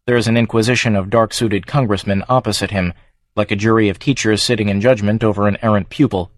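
A man narrating an audiobook in a measured, even reading voice. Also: lowish voice, no echo. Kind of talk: scripted narration.

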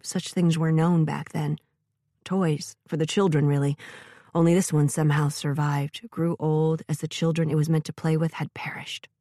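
A woman voicing an old grandmother telling a story, complacent and unhurried. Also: sits low, little pitch movement, mellow, no echo, studio quality. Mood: calm.

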